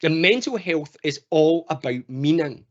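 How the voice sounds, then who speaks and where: Animated Scottish man telling a story. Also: a little high, a little slow. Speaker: mental health trainer. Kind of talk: online training talk. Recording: dull lo-fi call audio.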